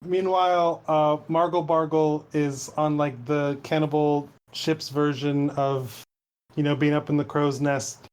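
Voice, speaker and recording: A tabletop player narrates a scene, then ribs the game master in playful banter. The voice sits at an even, middle pitch. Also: a little slow, clean tone. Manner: teasing.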